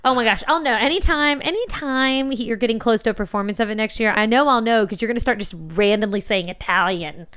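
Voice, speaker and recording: A woman co-hosting a casual podcast chat, teasing her co-host in quick banter. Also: fairly high pitch, fairly bright tone, clean tone.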